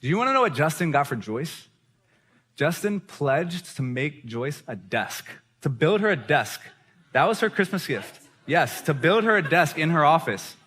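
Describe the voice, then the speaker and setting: A male preacher giving an animated storytelling sermon, laughing often as he talks. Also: a little high, normal speed, husky. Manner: animated, laughs while telling stories. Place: church gathering hall.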